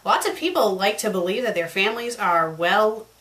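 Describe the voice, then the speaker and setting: A woman's voice: medium pitch, lively intonation, normal speed, fairly bright tone, natural voice. Casting: woman voicing a snooty, condescending tutor, stiff and arrogant. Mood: haughty. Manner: haughty, condescending. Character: pompous arrogant male tutor.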